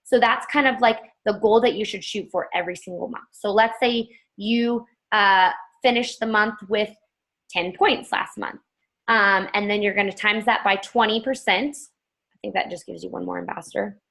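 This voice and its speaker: Gravelly-voiced woman in casual training talk. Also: medium pitch, fairly even intonation, moderate pace, fairly bright tone. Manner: chatty, upbeat, self-joking. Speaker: team trainer.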